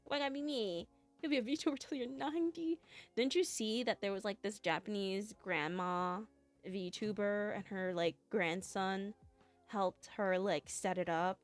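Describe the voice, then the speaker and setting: A young woman streaming and chatting casually with her viewers, playful and giggly, teasing herself. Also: medium pitch. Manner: playful, giggly, self-mocking. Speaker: VTuber streamer.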